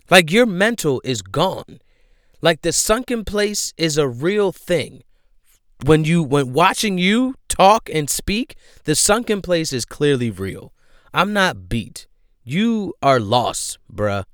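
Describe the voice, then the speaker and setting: A man's voice: medium pitch, fairly bright tone, clean tone, no room sound, studio quality. A young man giving a casual, slangy commentary rant, emphatic and repetitive, with frequent "bro" and "my guy". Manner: slangy, emphatic, repeats himself, leans on "bro".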